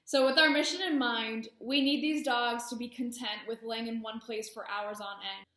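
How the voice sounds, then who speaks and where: Higher-voiced woman dog-training instructor, roomy sound. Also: steady tone, moderate pace, a bit bright. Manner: friendly, self-deprecating asides. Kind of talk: instructional talk.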